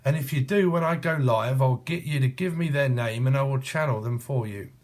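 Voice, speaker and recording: A man's voice: mid-range voice, fairly quick, darkish tone. Rambling, punning man. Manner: free-associating, punning, swearing often. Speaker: tarot reader. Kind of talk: casual rambling tarot reading.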